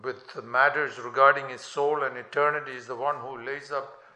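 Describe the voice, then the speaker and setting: A man preaching a sermon in a slow, deliberate way, lifting his voice sharply on scripture quotations. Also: mid-range voice, little pitch movement, bright, forceful tone. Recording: echoey room.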